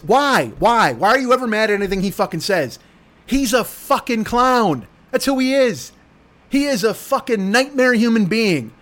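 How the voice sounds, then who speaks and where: A man's voice: sits high, a bit bright. A man ranting in a profane comedic monologue as a podcast host, swearing heavily and slipping into mocking voices. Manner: rants with heavy swearing and mock voices.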